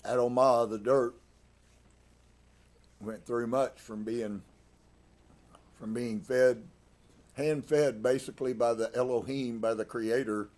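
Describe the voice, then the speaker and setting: A man preaching in a relaxed, conversational way on a live stream. He repeats and restarts his words, then presses harder on a point with a burst of emphasis. His pitch sits in the ordinary middle range for a man. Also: takes it slowly, long pauses. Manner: conversational, with frequent restarts and emphatic swings in loudness. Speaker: congregation leader. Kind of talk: casual live-streamed sermon.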